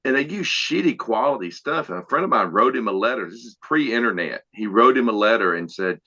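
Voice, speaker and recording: A man with a lowish, bright-edged voice tells a story in a relaxed, halting way, with fillers. The sound is dull and lo-fi. It is a casual chat. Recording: dull lo-fi mic.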